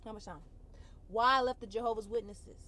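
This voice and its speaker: A woman vlogger shares an emotional personal testimony, holding back tears as she talks. Her delivery is colloquial and expressive, with phrases repeated for emphasis. Her voice is a little high and fairly quick.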